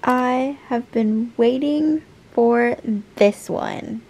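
Gasping young woman with a gravelly edge. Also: on the high side, extremely slow, noisy background. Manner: gasping, exclaiming, gushing. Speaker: reaction vlogger. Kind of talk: emotional TV reaction commentary.

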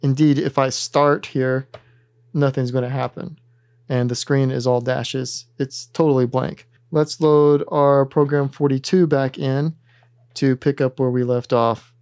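A man hosting a synthesizer tutorial, calmly talking through each button press in a methodical step-by-step demonstration. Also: mid-range voice, unhurried, dry recording, clean studio sound.

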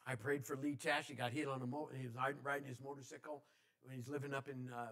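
A man's voice: medium pitch, level tone, quick pace, fairly bright tone. A male pastor telling a personal story in a conversational sermon, with many restarts. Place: church.

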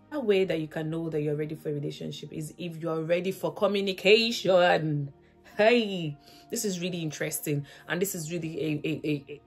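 A woman's voice: lowish voice, darkish tone. A woman vlogger giving faith-based relationship advice, earnest and emphatic, repeating her points as rhetorical questions.

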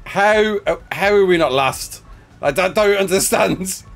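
A man's voice: sits high, unhurried, vocal fry, faint music behind. A man hosting a casual gaming session, playful and laughing, calling his co-player mate. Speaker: gaming video host.

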